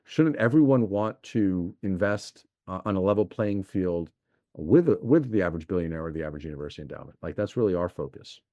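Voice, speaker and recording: Middle-aged guy, kinda low voice, eager explainer on a podcast, dry close sound. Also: lively intonation, a little fast, mellow, no room sound, muffled recording. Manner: eager, explanatory, piles up examples. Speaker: investment executive, podcast guest. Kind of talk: podcast interview.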